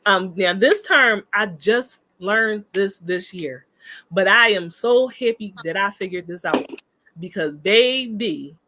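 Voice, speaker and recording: A woman on a podcast, telling stories in a lively, emphatic way in casual chat. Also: mid-range voice, slow pace, slight background noise, low-quality recording. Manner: animated, emphatic storytelling. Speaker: podcast guest discussing relationships.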